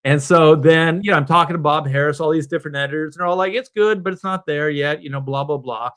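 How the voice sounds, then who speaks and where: A middle-aged man tells a rambling personal story on a video call. His voice sits a bit high for a man. He drops into quick impressions of the people in his tale. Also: clean tone. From Southern California. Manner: animated anecdote teller, acts out quoted voices. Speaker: comic book artist guest on a panel stream.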